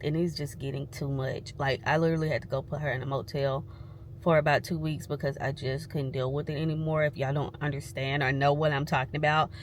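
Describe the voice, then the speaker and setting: A woman's voice: low voice, fairly bright tone, a little hiss or hum. A woman, talking candidly and emphatically to viewers from her parked car. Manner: candid venting, frank and emphatic. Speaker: vlogger. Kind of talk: casual vlog chat.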